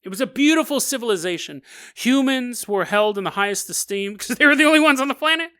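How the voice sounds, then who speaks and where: A man's voice: very high voice, expressive, fast, bright, forceful tone, smooth, voice pushed up, full character voice. A man voicing a smug male alien from Venus who delivers threats in a breezy, offhand way.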